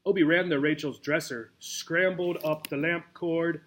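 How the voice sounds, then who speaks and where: Teacher guy reading a kids' book, lively and expressive, kinda high voice. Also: measured pace. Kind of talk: storybook read-aloud.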